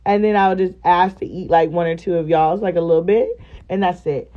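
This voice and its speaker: A woman's voice: on the low side, fairly even intonation, a little fast, dull audio. A woman vlogger chatting casually and expressively straight to her viewers. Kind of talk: casual vlog chat to viewers.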